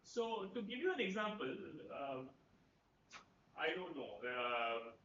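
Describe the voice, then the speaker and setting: High, lively-voiced man lecturing in a roomy hall. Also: takes it slowly, dull audio. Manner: conversational, keeps asking "right?". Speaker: professor giving a talk. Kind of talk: lecture to students.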